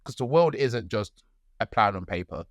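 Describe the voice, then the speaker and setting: A young man co-hosting a podcast, telling a story in a lively way with acted-out quotes. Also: on the low side, moderate pace, no echo, studio quality. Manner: animated storytelling, acts out quotes. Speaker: podcast co-host. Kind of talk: casual chat.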